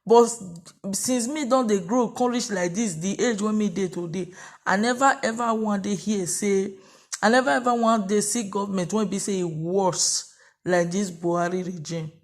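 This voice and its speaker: A woman's voice: mid-range voice, moderate pace. Impassioned Nigerian Pidgin-speaking woman. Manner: impassioned, repetitive ranting commentary. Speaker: vlogger. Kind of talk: opinion vlog.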